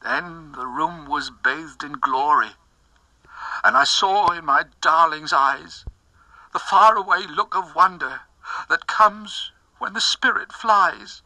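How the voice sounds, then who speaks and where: A man's voice: fairly high pitch, takes it slowly, pushed and bright, dry recording, rough recording. A man giving a dramatic poetry recitation, impassioned, dropping to whispers and rising to anguished cries. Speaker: poetry reader.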